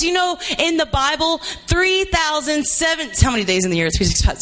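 A man preaching a sermon, emphatic and repetitive, rising to shouts for emphasis. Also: very high-pitched.

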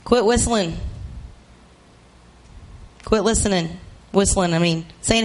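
Guy preaching, pretty high voice, keeps repeating stuff and yelling it for emphasis. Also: a little slow, long pauses. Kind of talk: sermon.

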